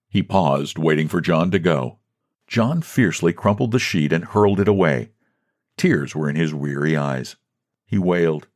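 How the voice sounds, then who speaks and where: A man narrating a classic short thriller story in a measured storytelling manner. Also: low voice, sing-song, darkish tone, dry recording, studio quality. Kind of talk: scripted narration.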